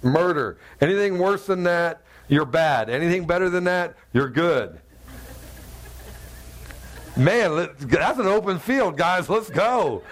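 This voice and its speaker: A man's voice: high voice, animated, slow. A male pastor preaching in a conversational, humorous way, acting out bits of dialogue in different voices. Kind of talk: conversational sermon.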